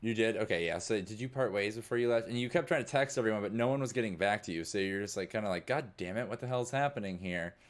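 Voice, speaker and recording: A man's voice: fairly low pitch, fast talker, hardly any pauses. A young man narrating as game master, rambling with lots of fillers. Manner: rambling, many fillers like "like" and "you know".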